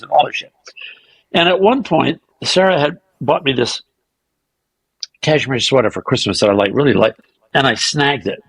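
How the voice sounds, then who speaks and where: A man as a podcast guest, telling animated anecdotes and acting out the dialogue of others, sometimes profane and self-mocking. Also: fairly high pitch, creaky, slightly rough, dry recording, poor audio. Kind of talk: casual storytelling interview.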